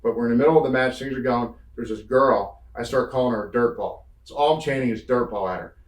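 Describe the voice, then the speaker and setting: A man's voice: medium pitch, quick pace, recorded from a distance. A man from the Northeastern United States, a guest in an interview, telling road stories casually, acting out quotes and swearing freely. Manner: animated storyteller, acts out quotes, swears freely. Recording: roomy sound from off-mic.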